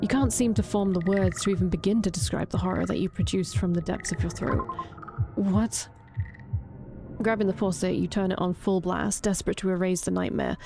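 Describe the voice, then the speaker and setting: A woman reading a horror visual novel aloud, drawing out the grisly parts slowly with brief reactions. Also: lowish voice, steady tone, vocal fry, music in the background. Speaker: streamer reading a game aloud.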